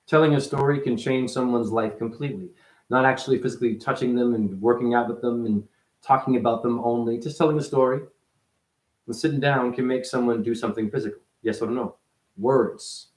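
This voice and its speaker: A man giving a rambling, profane spiritual monologue as a self-styled teacher, his voice jumping up and down in pitch. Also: darkish tone. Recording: echoey room.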